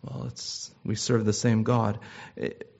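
A man's voice: on the low side, level tone, vocal fry, darkish tone. Earnest male preacher. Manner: measured, earnest delivery with frequent "uh" restarts. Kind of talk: sermon. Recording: slightly dull lo-fi sound.

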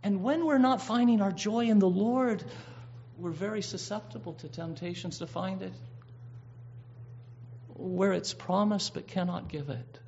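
Preaching earnestly and emphatically, a man with a high, gravelly, somewhat mellow voice takes his time, stretching key words and frequently restarting phrases. The dull lo-fi recording carries slight background noise.

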